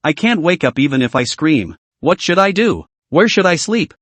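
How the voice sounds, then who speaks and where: A man voicing a proud, quick-tempered young woman CEO who snaps and scolds in a manhwa recap. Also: fairly high pitch, sing-song, fairly bright tone, no echo. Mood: annoyed. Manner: snapping, scolding.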